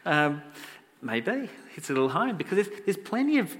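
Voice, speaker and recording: A man's voice: sits high, fast talker. Man preaching casually in a reverberant hall. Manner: conversational, self-deprecating, animated when quoting. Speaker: pastor. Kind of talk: sermon storytelling.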